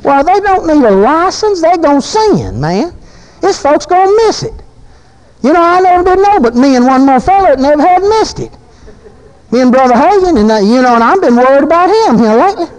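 A man's voice: extremely high pitch, lively intonation, fairly quick, darkish tone, low-quality recording. A preacher man, delivering a fervent, folksy sermon full of repeated phrases.

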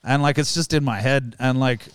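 A man's voice: mid-range voice, fairly even intonation, fairly quick, clear, resonant tone, no room sound, studio quality. A young man, a stand-up comedian, telling crude stories in casual chat, swearing constantly and laughing as he goes. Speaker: stand-up comedian, podcast guest or host.

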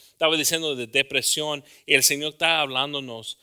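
Man preaching, very bright and fairly high voice, chatty then fervent. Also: fairly even intonation, fast talker, clear, resonant tone. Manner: conversational, often asks the congregation "right?"; builds from quiet musing to loud, fervent exhortation. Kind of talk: informal sermon.

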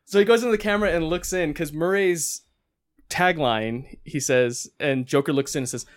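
A man co-hosting a casual movie review podcast, retelling scenes and acting out the characters' lines. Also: on the high side. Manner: retells scenes acting out quotes in quick bursts. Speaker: podcast co-host.

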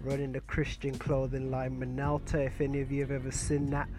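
A man appearing as a guest on a radio show, introducing himself in a relaxed, easygoing way. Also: mid-range voice, brisk. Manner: relaxed, easygoing, laughs easily. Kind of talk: casual radio banter.

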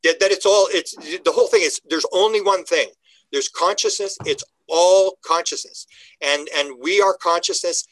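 A man being interviewed, telling stories in a lively, conversational way and acting out the people he quotes. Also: normal speed, low-quality recording. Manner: acts out the voices of the people he quotes, with lively pitch jumps. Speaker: interview guest. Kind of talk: animated conversational storytelling.

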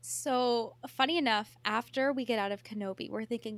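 Podcast co-host, woman, slightly high voice, chatty, swears, dry close mic. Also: moderate pace, hardly any pauses, no room sound. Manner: excited, swears often, many "like" fillers. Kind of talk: casual chat.

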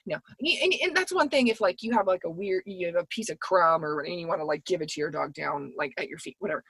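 A woman podcast co-host telling a story in casual chat, with a profane, animated ranting delivery. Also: medium pitch, brisk, hardly any pauses, husky, no room sound.

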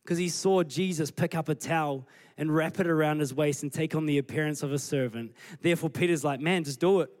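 A man preaching a sermon as pastor, retelling scripture with lively acted-out dialogue. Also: fairly high pitch, a little fast, few pauses. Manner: animated storytelling, acting out scripture scenes.

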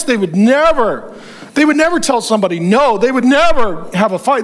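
High-voiced middle-aged guy preaching, emphatic and punchy, repeats lines for effect, little jokes. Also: lively intonation, moderate pace. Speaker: pastor. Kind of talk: sermon.

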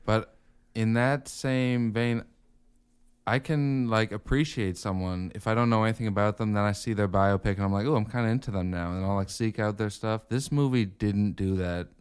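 A man's voice: on the low side, normal speed, clean tone. A man co-hosting a casual podcast, reviewing a film in a laid-back, wry way and laughing often. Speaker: podcast co-host. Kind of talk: casual movie review chat.

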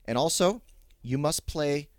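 A man hosting a casual comedy podcast, laying out absurd scenarios in a deadpan way. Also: fairly high pitch, unhurried, no echo, clean studio sound. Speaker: podcast host.

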